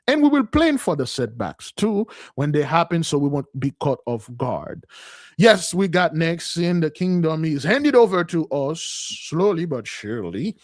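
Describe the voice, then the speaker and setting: A man giving a livestream sermon in a loose, conversational way, repeating phrases and calling his listeners "beloved", with his voice swinging between loud and soft. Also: a little high. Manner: repetitive, calls listeners "beloved". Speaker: spiritual teacher leading a community fast.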